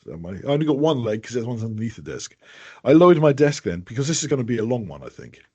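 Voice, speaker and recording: A man's voice: mid-range voice, big pitch swings, fast, dark tone, slightly rough. A man co-hosting a podcast, joking and rambling in casual chat, stumbling over his words. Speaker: podcast co-host.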